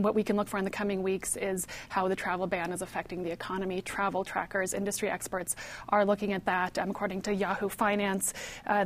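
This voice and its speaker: A woman journalist talking on a political panel, chatty and conversational with frequent fillers and restarts. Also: medium pitch.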